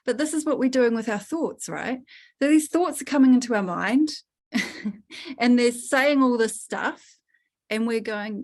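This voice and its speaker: A woman leading a spiritual workshop, coaching a participant in an earthy, animated way, laughing and swearing casually. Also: a little high, a little slow. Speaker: workshop leader.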